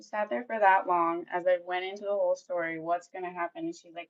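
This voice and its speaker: A woman's voice: fairly low pitch, fairly even intonation, a little fast, highs cut off. A young woman doing a tarot reading for her viewers, speaking bluntly and swearing freely with lots of "like" fillers. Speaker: tarot reader.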